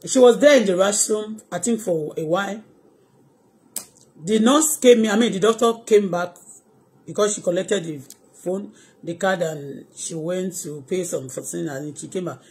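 A woman's voice: lowish voice, moderate pace, darkish tone. A Nigerian-accented woman on a live-stream vlog, telling long anecdotes emphatically, with frequent asides. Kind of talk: casual live-stream storytelling.

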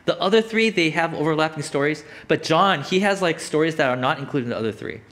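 A man's voice: fairly high pitch, expressive, quick pace, a bit bright. Casual, chatty male pastor. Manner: casual, conversational, with frequent "like" and "right?". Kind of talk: sermon.

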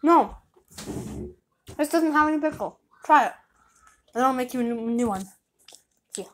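A young girl hosting a casual food-tasting vlog, chatty and excited, getting loud when she tastes. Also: high voice, normal speed. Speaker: vlogger.

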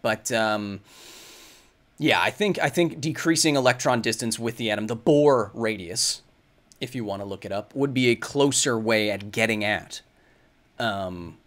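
Casting: male science host in his thirties, casual stream Q&A, rambling and thinking aloud, mid-pitched voice. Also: a bit bright. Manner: rambling, thinks aloud with many fillers and restarts. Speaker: science video host answering viewer questions. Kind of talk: casual livestream Q&A.

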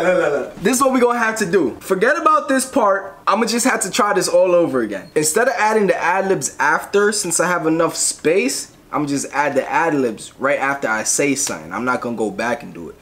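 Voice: mid-range voice, animated, a bit bright, slight background noise. A young creator chatting casually through a home music session, rambling and poking fun at their own attempts. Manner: rambling, self-mocking, quick to laugh. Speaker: creator showing a beat session. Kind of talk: casual tutorial chat.

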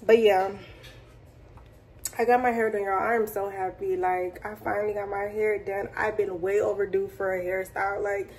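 A young woman vlogging in a chatty, excitable, slangy way, talking straight to her phone camera. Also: mid-range voice, moderate pace. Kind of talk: casual chat to camera.

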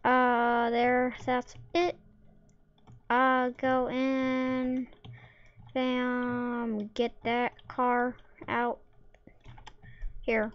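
A woman's voice: high voice, fairly even intonation, very slow, long pauses, dull audio. A woman giving casual, playful gameplay commentary, throwing in silly sound effects and jokes. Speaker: gamer.

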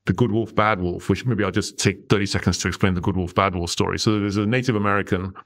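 A man's voice: low voice, fast talker. A middle-aged man on a podcast, telling a story in a conversational way and often checking in with "right?". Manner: animated storyteller, tags lines with "right?". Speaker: podcast guest.

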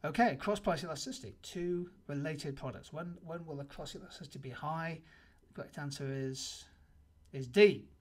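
A man with a slightly high voice teaches an economics revision lesson at a moderate pace. He walks through multiple choice answers in an explanatory way, stressing the key answers emphatically and sometimes restarting.

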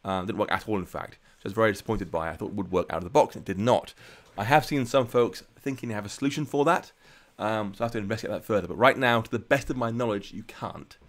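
A man's voice: fairly low pitch, quick pace. A man hosting a live coding stream from home, chatting casually and answering viewer questions with plenty of ums. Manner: chatty and relaxed, many ums and restarts.

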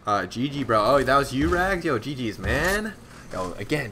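A young man streaming a game live, chattering in quick gamer slang and yelping at every close call. His voice sits at an ordinary middle pitch, and a faint hiss runs underneath. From Scotland. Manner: excitable, slangy gamer chatter with sudden outbursts. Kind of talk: live gameplay commentary.

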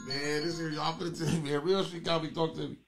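A man's voice: on the high side, little pitch movement, quick pace, creaky, loud music behind the voice. Brash profane man hosting call-ins. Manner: loud, profane, taunting callers. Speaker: host of a comedy call-in show. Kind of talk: crude comedic call-in banter.

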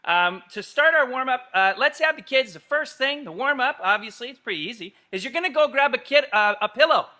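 Upbeat coach in an echoey gym. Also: male voice, extremely high pitch, a little fast, few pauses. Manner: energetic, shouts commands and playful yells. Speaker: gymnastics coach. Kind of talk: live-streamed kids' exercise class. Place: empty gym.

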